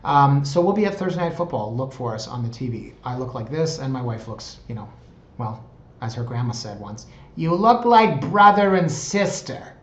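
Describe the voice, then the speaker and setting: A man's voice: mid-range voice, brisk. A man in his thirties, a real estate agent chatting enthusiastically about house listings in a casual vlog. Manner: chatty and enthusiastic, tags lines with "right?". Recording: roomy, slightly dull recording.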